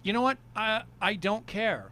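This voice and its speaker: A man in his fifties, a podcast guest, telling wry anecdotes in a deadpan way during a casual chat. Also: high voice, moderate pace, a little hiss or hum. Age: 50s.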